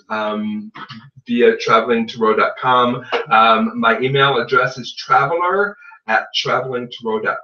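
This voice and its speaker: Joking around and plugging his own tarot readings, a man hosts a casual podcast in a playful, self-promoting way. His mid-range voice has a sharp tone, and the audio sounds distant, roomy, dull, and lo-fi.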